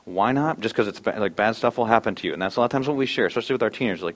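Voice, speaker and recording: A man in his thirties, a pastor preaching a sermon in church, earnest, dropping soft and low at times, then rising loud and animated. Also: rapid-fire, few pauses.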